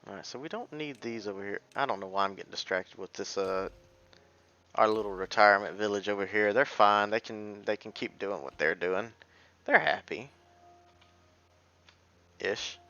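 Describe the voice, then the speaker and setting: Gravelly man thinking aloud over gameplay. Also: fairly low pitch, moderate pace, long pauses, bright, forceful tone, dull audio. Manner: thinks aloud while playing, mutters half-sentences. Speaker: let's play streamer. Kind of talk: casual gameplay commentary.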